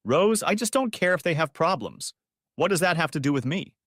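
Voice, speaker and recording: A man's voice: fairly high pitch, lively intonation, fairly quick, a bit bright, no room sound, pitched above the performer's own voice. A heartbroken mechanic rants bitterly in an audiobook story, as a male narrator plays him. The voice is raised and swings widely, recorded dry and close. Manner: bitter, ranting.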